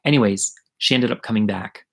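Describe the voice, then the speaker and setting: A man's voice: on the low side, a little fast, vocal fry, fairly bright tone, slightly rough, poor audio. A middle-aged man telling a story from his childhood in a chatty, rambling way, swearing freely, as the host of an online story hour. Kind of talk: casual live-streamed storytelling.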